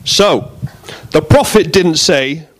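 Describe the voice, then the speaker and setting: A man giving a relaxed, jokey sermon in a church, bantering with the congregation. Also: on the high side, slow, dry recording. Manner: chatty, jokey, self-deprecating. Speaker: preacher.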